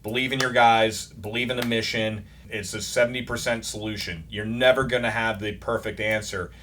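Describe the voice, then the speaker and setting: A man's voice: on the low side, steady tone, normal speed, fairly bright tone. A man in his thirties, a combat veteran from the United States, telling war stories in a plainspoken way with dry humor, acting out the dialogue. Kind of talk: interview storytelling.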